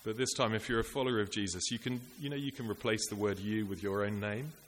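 A man's voice: fairly low pitch, quick pace, a bit bright. A man preaching a sermon, earnest and rhetorical, building his points through repetition and lists. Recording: echoey hall with faint hiss.

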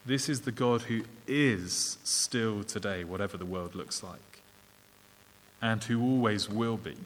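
An English-accented man delivers a sermon in an earnest, measured way, pausing on small fillers and restarts. His voice sits fairly low. Long reverb from a large hall trails after his words. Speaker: preacher.

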